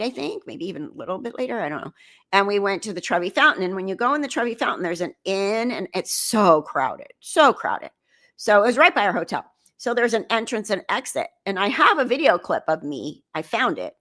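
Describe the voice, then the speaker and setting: A woman hosting her own live stream, telling a travel story in a chatty, animated way and acting out quotes. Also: medium pitch. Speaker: channel host.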